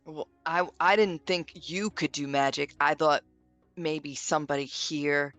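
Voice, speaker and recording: A woman with a gravelly, bright, edgy voice plays her character at a tabletop game, blunt and teasing, with giggles between lines. The recording is dry and close, with faint music behind her. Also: deep voice, fairly even intonation, a little slow, no echo. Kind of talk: in-character tabletop role-play.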